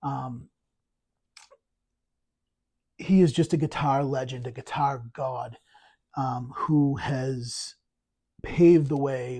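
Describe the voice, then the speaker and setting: A man's voice: mid-range voice, warm tone, breathy edge. A man hosting a casual vinyl review vlog, enthusiastic and rambling, full of ums and restarts. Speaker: vinyl collector channel host.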